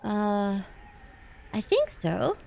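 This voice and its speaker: A woman streaming a video game, chatting casually and excitably, swearing and panicking at mishaps. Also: mid-range voice, very slow, creaky, a little hiss or hum. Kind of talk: casual live-stream commentary.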